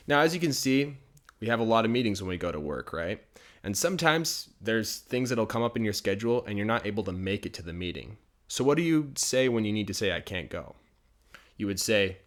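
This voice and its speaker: An American man teaching English phrases for the workplace in a relaxed, explanatory way, acting out short dialogues as examples. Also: lowish voice. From United States. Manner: explains patiently, acts out short everyday dialogues. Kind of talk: casual language lesson.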